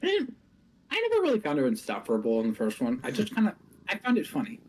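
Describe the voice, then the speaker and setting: A man hosting a game stream in casual chat, animated, swearing constantly and laughing through his lines. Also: a little high, fast, husky. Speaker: streamer and host.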